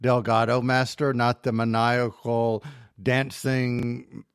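A man's voice: mid-range voice, little pitch movement, clear, resonant tone, no room sound, clean studio sound. A man hosting a casual podcast chat, steering with questions. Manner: unhurried, steers the talk with questions. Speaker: podcast host.

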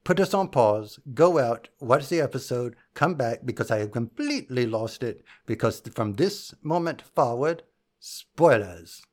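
A man's voice: mid-range voice, lively intonation, unhurried. Playful man telling stories on a podcast. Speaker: podcast host. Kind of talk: casual podcast chat.

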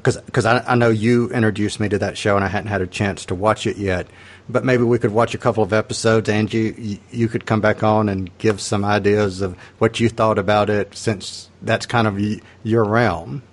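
A man's voice: lowish voice, steady tone, normal speed. A man hosting a podcast in easygoing chat, asking his guest questions. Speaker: podcast host. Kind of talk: casual chat.

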